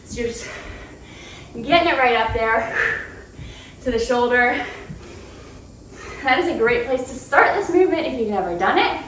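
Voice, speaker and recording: A woman's voice: a little high, animated, moderate pace, long pauses, a bit bright, distant mic, a little hiss or hum. A woman fitness instructor cueing a home cardio workout, upbeat and chatty, out of breath as she talks. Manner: upbeat, chatty, laughs between cues. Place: room at home. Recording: roomy, off-mic home recording.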